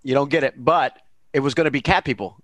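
A man hosting a podcast, retelling a film in excitable, profane casual chat. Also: medium pitch, fast talker, no echo. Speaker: podcast host.

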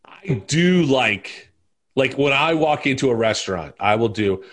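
A man's voice: mid-range voice, expressive, unhurried, a bit bright. A man in his forties chatting casually as a podcast guest, rambling through stories and tossing out movie quotes between laughs. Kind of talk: casual chat.

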